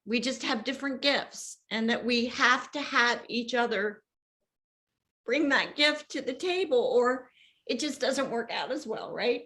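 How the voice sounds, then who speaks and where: Emotional middle-aged woman guest, slightly high. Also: a little slow, bright, forceful tone, low-quality recording. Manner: emotional, voices others in quoted lines. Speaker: guest, youth organizer. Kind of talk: heartfelt conversational storytelling.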